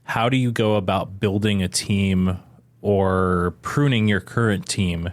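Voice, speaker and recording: A man's voice: low-pitched, steady tone, a little slow, dry recording. A man hosting a podcast, asking long, thoughtful questions. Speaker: podcast host. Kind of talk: interview questions.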